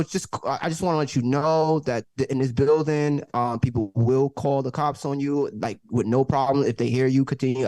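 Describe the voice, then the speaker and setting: A man telling a story on a podcast by video call, animated, swearing freely and acting out the people in it. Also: medium pitch, dry recording. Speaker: podcast guest. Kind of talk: casual storytelling. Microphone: own mic, peaking.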